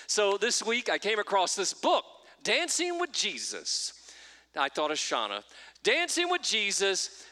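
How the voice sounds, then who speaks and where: A man leading a church service as pastor, talking in a playful, joking way and laughing at himself. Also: high voice. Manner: animated and jokey, laughs at himself. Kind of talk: playful church talk to a congregation.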